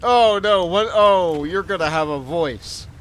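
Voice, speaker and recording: A man giving casual, animated commentary while playing a building game. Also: high voice, unhurried, a little hiss or hum. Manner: animated, jumps between exclamations and mutters. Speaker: let's play streamer.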